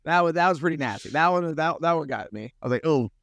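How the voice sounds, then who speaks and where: A man's voice: a little high, expressive, quick pace, vocal fry, a bit bright, no echo, studio quality. A man in a casual movie review chat who halts and searches for his words.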